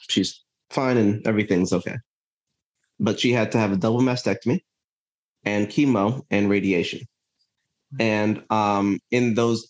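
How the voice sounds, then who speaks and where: A man as a podcast guest, telling a personal story in an earnest, reflective way, often checking in with "right?" and restarting his sentences. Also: on the low side. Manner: earnest, thinks aloud with frequent "right?" and restarts.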